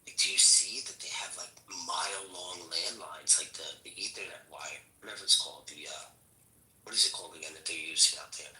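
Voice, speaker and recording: A man's voice: deep voice, steady tone, brisk, pushed and bright, distant mic. A man in casual podcast chat who halts, searches for words and trails off into whispery asides. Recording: roomy echo, somewhat off-mic.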